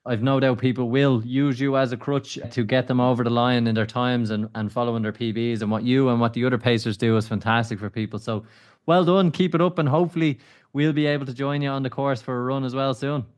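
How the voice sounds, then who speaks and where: A man's voice: medium pitch, fairly even intonation, fast, clean tone. A man hosting a podcast, wrapping up with an enthusiastic thank-you to his guest. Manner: enthusiastic, praising. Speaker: podcast host. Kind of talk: casual chat.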